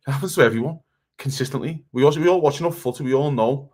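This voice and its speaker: A man in a casual football podcast, firing off a heated rant at a rapid clip. His voice sits at an ordinary middle pitch, and he swears freely as he argues. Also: darkish tone. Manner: fast, heated ranting with swearing. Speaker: podcast co-host.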